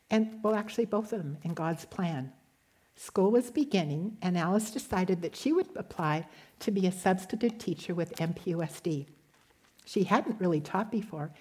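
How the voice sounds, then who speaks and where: A woman giving a gentle devotional sermon that tells a story and ends in prayer. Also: lowish voice, breathy edge. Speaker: speaker giving a devotional talk.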